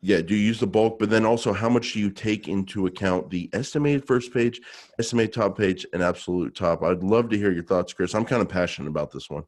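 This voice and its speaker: A male podcast co-host with a somewhat low voice talks casually into a studio mic. He sounds jokey and self-assured, tossing out advice with loose restarts. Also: fairly quick, a little mellow.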